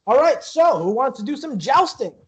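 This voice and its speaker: A man's voice: very high-pitched, sing-song, moderate pace, highs cut off, pitched above the performer's own voice. A man voicing a cheerful announcer who takes charge of a jousting event in a tabletop game. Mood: cheery. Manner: showman-like announcing.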